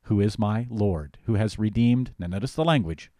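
A man's voice: lowish voice, moderate pace, hardly any pauses, mellow, no echo, studio quality. A male pastor teaching the Bible in casual conversation, talking emphatically and animatedly, often restarting his sentences.

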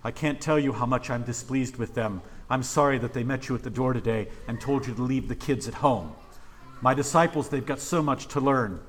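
A man voicing a gentle, apologetic male teacher who speaks about his clueless followers in a soft, confiding way. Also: mid-range voice, fairly quick, a little hiss or hum, pitched below the performer's own voice, lightly acted.

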